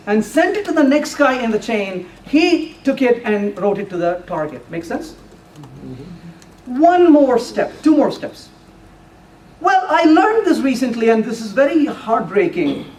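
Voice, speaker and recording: Brief: middle-aged male conference speaker, lively and joking, distant mic in a reverberant room with faint background noise. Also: extremely high pitch. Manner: playful, teasing the audience with questions. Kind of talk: live technical talk. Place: meeting room before an audience.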